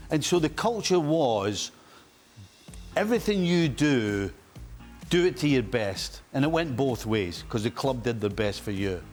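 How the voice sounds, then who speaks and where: A man in his fifties, a former player turned pundit, telling lively stories on a panel and acting out what others said. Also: medium pitch. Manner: animated storyteller who laughs and acts out quotes. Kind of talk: casual panel chat, anecdotes.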